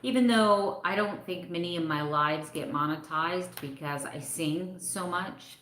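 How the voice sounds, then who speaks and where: Middle-aged woman vlogger, candid and emotional live-chat host, lowish voice, roomy echo. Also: a little slow, a bit bright, slight background noise. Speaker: vlogger hosting a live stream. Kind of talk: casual live-stream chat.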